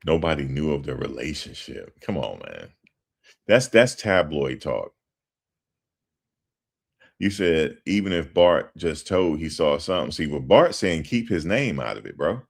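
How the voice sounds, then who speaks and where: A man with a very low voice giving casual commentary on a livestream. His speech is animated and full of slang, and he often repeats lines for emphasis. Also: measured pace, vocal fry.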